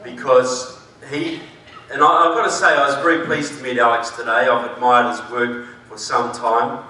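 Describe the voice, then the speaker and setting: A man with a New Zealand accent delivers an emphatic conference speech, slipping in dry jokes. His voice is bright and carries. He sounds set back from the mic, with a hall echoing heavily around him. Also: mid-range voice, steady tone, normal speed. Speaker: conference speaker. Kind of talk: public speech. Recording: echoey hall, distant mic.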